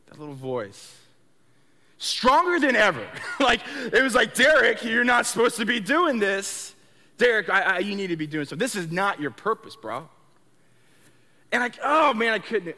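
Sharing his testimony during a sermon, a man talks conversationally, tripping over repeated words as he shifts between quiet, low passages and loud, excited outbursts. A long hall reverb surrounds his voice.

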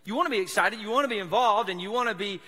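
A husky, high voice, very fast, bright and forceful, belongs to a Southern-accented pastor from South Mississippi. In a church sanctuary with long hall reverb, he gives a casual sermon, chatting, joking and teasing himself.

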